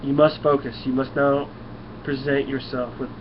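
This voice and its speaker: A man's voice: mid-range voice, flat delivery, normal speed, lightly acted. A man voicing a stern, commanding alien warrior from a comic, giving blunt, clipped orders. The voice stays close to the man's own. The recording is a bit dull, with a faint hiss.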